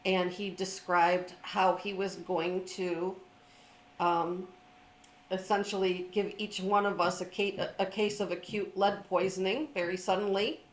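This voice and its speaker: A middle-aged woman telling a personal story in an informal, reflective talk, pausing often with ums and restarts. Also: medium pitch, steady tone, roomy sound, poor audio. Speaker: trauma recovery speaker.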